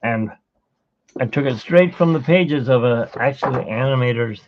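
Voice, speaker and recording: The tinny, phone-like audio captures a middle-aged man chatting casually during a live drawing stream. He rambles through stories at normal speed in a medium-pitched voice.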